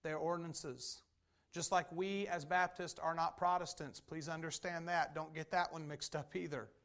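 High-voiced emphatic male preacher. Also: steady tone, moderate pace, fairly bright tone. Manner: emphatic preaching with repeated phrases. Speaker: Baptist pastor. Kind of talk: sermon.

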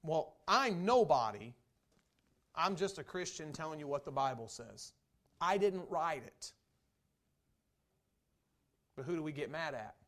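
A male pastor with a notably high voice delivers a sermon. He talks to the congregation in a plain, conversational way, then builds into loud, forceful preaching. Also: big pitch swings, measured pace, pauses often.

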